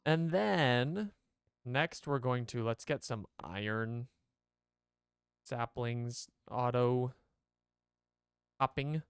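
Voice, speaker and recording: A man's voice: mid-range voice, extremely slow, pauses often, clear, resonant tone, no echo, clean studio sound. A man streaming a game, chatting casually to his viewers and rambling as he plays. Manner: rambling, chatty, talks to chat.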